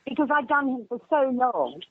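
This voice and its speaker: A woman's voice: high-pitched, very animated, moderate pace, dry recording. An older actress chatting as an interview guest, bubbly and rambling, telling stories and acting out the lines people said to her. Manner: bubbly, rambling anecdotes with acted-out quotes. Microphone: telephone. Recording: tinny phone line.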